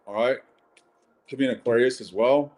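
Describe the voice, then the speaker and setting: Man, live tarot stream, blunt, chatty, swears, mid pitch. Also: normal speed, a little mellow. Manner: casual, blunt, swears, addresses viewers as ladies and gents.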